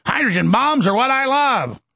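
A gravelly, smug alien creature gloating about loving radiation, with a rough, husky edge, as a man puts him on. He sounds scheming and pleased with himself. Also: extremely high pitch, expressive, normal speed, bright, forceful tone, no echo, pitched above the performer's own voice, exaggerated voice.

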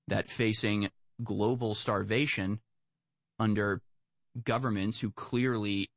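A man giving solo political commentary, reading news aloud and breaking off into sarcastic, animated hypotheticals. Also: fairly low pitch, takes it slowly, pauses often, dry recording.

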